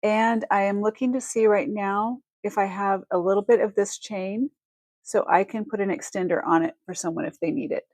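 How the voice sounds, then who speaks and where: A woman's voice: medium pitch, fairly even intonation, moderate pace, a little mellow, no echo. A woman hosting a casual live-stream, chatty and effusive as she thanks viewers and shows jewelry. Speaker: livestream jewelry seller.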